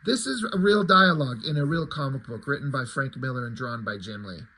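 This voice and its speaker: A man's voice: medium pitch, fairly quick, pushed and bright, poor audio. A man reviewing a comic book in casual commentary, sarcastic and profane, with frequent asides.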